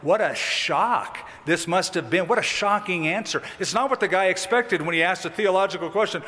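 A man preaching a sermon with a lively, dramatic delivery that rises and drops sharply. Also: high voice, moderate pace, few pauses. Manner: animated, dramatic with sudden drops. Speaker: pastor. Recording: long reverb of a hall.

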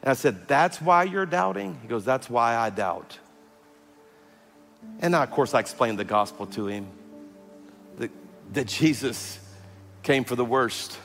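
A man, preaching a sermon as pastor, telling stories that move from loud and animated to hushed and tender. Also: mid-range voice, unhurried, vocal fry, pauses often. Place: large church hall. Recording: long hall reverb with faint music.

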